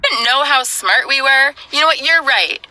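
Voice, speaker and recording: A woman's voice: high voice, expressive, normal speed, bright, forceful tone, rough recording. A woman speaking earnestly straight to the viewer in a played clip. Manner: earnest, lectures the viewer directly. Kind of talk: earnest direct-to-camera address.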